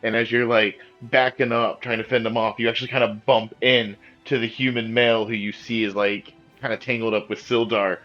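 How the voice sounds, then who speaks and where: A man narrating as game master of a tabletop game, describing scenes in a relaxed way with many fillers. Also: mid-range voice, a little fast, hardly any pauses, dull audio, soft background music.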